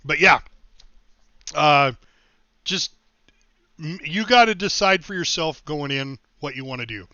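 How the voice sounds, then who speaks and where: Bright-voiced middle-aged man, rambling stories. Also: fairly high pitch, expressive, a little slow, long pauses, dry recording, highs cut off. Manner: rambling anecdotes, chuckles, thanks followers. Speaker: game streamer. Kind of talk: casual storytelling while livestreaming.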